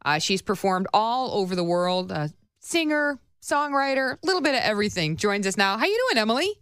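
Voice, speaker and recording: A woman from Chicago hosting a radio talk show, giving upbeat, brisk introductions with quick asides. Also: mid-range voice, sing-song, fairly bright tone, clear, resonant tone, no echo, studio quality.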